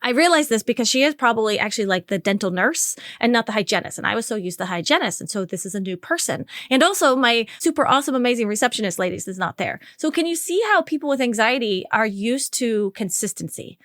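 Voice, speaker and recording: A woman's voice: fairly high pitch, lively intonation, fast, hardly any pauses, a bit bright, no room sound, studio quality. A woman in her forties, a podcast host, telling a personal story in a candid, earnest, conversational way. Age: 40s.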